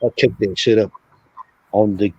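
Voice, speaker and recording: A man's voice: on the low side, fairly even intonation, moderate pace, dark tone, husky, no echo. A man telling a sleep paralysis story on a casual stream, swearing a lot and acting out sounds and his own reactions. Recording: dull lo-fi stream audio.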